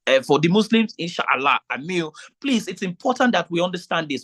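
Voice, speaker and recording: An event MC addresses vendors in a meeting, his high-pitched voice sing-song, a bit bright, and a little fast with few pauses. He sounds emphatic and pleading and often repeats himself.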